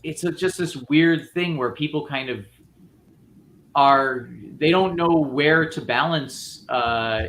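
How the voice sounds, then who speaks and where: A man's voice: fairly high pitch, slow pace, fairly bright tone, a little hiss or hum. A man on a casual panel discussion, talking about casting and acting in long, rambling thoughts full of restarts and fillers. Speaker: filmmaker guest.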